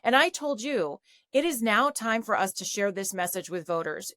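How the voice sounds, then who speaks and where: Woman, political commentator, animated mocking delivery, medium pitch, dry close recording. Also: moderate pace, no room sound. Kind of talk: political talk show commentary.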